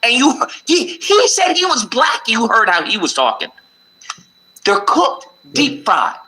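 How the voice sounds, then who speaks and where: Man, call-in host, heated profane rant, lively swinging pitch, sharp bright tone. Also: unhurried, rough recording. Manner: profane, furious ranting. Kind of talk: heated call-in livestream argument.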